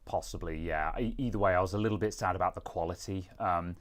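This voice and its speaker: A man's voice: low voice, fast talker. A British man hosting a live stream, chatting casually in a rambling, self-mocking way. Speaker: streamer host.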